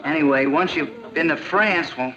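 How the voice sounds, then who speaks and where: A man's voice: a little high, moderate pace, pushed and bright, a little hiss or hum. A sulky lovesick teen boy. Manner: sulky, earnest. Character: jealous lovesick teenage boy. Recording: dull 1960s TV sound.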